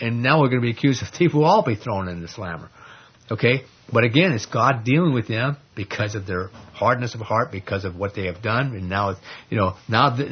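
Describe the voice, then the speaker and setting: A man with a mid-range, breathy-edged voice teaches a Bible study, reading scripture aloud and explaining it in a conversational, filler-heavy way while often asking the class questions. The sound is lo-fi.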